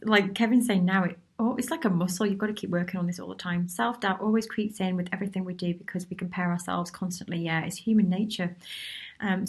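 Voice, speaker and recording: A woman hosting a casual live Q&A, chatty and encouraging, reading out viewers' comments and replying to them. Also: medium pitch. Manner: chatty and encouraging, with many restarts and asides. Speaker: workshop host answering viewer questions.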